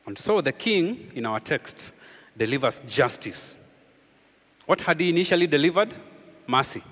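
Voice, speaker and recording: A man preaching a sermon as pastor, emphatic, with rhetorical questions, often sinking low and quiet to drive a point home. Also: sing-song, normal speed, big-room sound.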